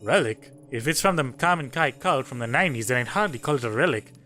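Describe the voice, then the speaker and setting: A man's voice: medium pitch, animated, quick pace, pushed and bright. A man voicing a young woman detective in his own plain voice, reading her lines in a hesitant way, with faint game music behind. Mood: guarded.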